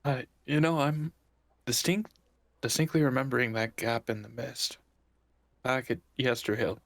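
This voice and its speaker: A man talking casually as a player at a tabletop game, relaxed and quick to laugh. His voice sits at an ordinary middle pitch. The sound is close and dry. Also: no room sound. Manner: easygoing, laughing often.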